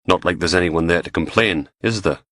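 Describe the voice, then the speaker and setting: A gruff, coarse middle-aged police superintendent, voiced by a male narrator, louder and a little higher than the narration. Blunt and impatient, recorded dry and close. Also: brisk, no room sound.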